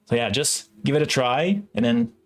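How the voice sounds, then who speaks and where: A man's voice: fairly high pitch, big pitch swings, moderate pace, gravelly, soft background music. A man with a Quebec French accent chatting casually on a live stream, rambling and filling his sentences with "like". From Quebec, Canada. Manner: rambling, heavy use of "like", frequent restarts. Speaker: live-streaming software developer. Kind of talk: casual livestream chat.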